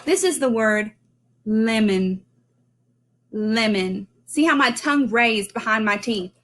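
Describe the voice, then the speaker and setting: A woman giving a children's speech lesson from home, modeling sounds slowly and clearly. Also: a little high, lively intonation, fairly bright tone. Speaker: speech teacher.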